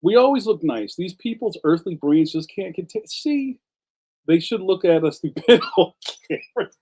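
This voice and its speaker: A man on a laid-back livestream with a slightly high voice that stays soft and mellow instead of bright. He rambles through stories in loose slang, breaks into laughs often, and chats back to viewer comments as he goes. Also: big pitch swings, normal speed, a little hiss or hum. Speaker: livestream host and cartoonist. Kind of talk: casual livestream chat reading comments.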